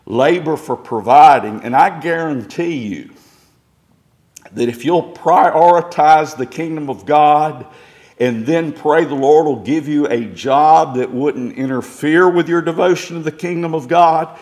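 A man's voice: a little high, unhurried, a little mellow. A middle-aged male pastor preaching a sermon, reading scripture aloud and building to emphatic points.

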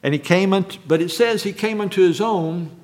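Preacher man with a higher voice. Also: fairly quick. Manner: builds to shouted quotes, then drops to hushed reading. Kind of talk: sermon.

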